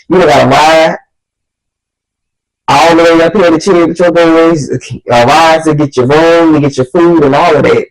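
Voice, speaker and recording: A woman vlogger telling a story in an animated, exasperated way. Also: low voice, a little slow, pauses often, poor audio. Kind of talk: storytime vlog.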